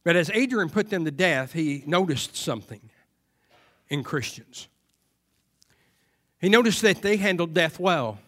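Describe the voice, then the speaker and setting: A man preaching a sermon, moving from quiet, hushed passages to loud, emphatic cries and repeated phrases. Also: a little high, lively intonation, measured pace, pauses often.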